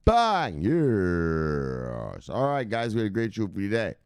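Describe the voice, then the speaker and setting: A man's voice: fairly low pitch, rapid-fire, darkish tone, clear, resonant tone, no room sound, clean studio sound. A man hosting a crypto news livestream in a loose, rambling way, swearing freely and barking out catchphrase sign-offs. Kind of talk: casual livestream chat.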